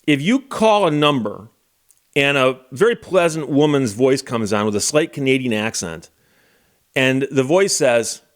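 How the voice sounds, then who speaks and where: A man's voice: mid-range voice, lively intonation, measured pace. A middle-aged man who is a lawyer and channel host, telling a story in a casual monologue with a wry, exasperated manner.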